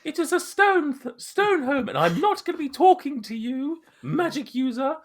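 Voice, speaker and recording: A man putting on a high, haughty barbarian shaman woman. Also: very animated, normal speed. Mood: scornful. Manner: haughty, clipped, scornful.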